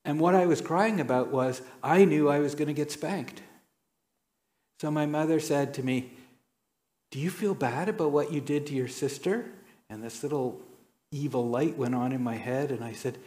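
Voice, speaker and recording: A man preaching a sermon, telling stories and acting out quoted lines with sudden jumps in pitch. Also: moderate pace, darkish tone. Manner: storytelling, acts out quotes with dramatic pitch jumps.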